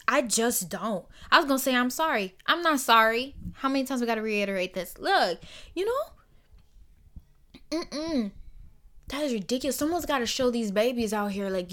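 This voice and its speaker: Young woman ranting on her own podcast, kinda high voice, cusses a lot, goes quiet then loud. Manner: blunt, heated and profane, swinging between soft and loud. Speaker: podcast host. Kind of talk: emotional solo podcast monologue.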